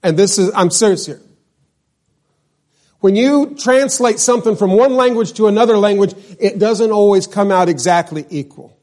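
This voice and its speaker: A man's voice: high-pitched, normal speed, a little mellow. A male pastor from New Mexico preaching a sermon, asking his congregation questions and drawing out key words.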